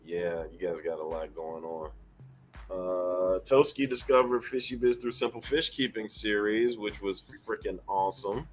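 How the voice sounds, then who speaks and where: A man co-hosting a casual stream, telling animated stories and acting out other voices. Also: lowish voice, unhurried, soft background music. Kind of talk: casual live-stream chat.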